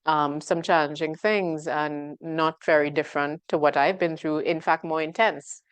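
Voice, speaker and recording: A woman speaks as an author in an interview. Her voice is low, smooth and clear. She is thoughtful and a little hesitant, and the sound is dry. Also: fairly even intonation, moderate pace, no echo. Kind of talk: interview conversation.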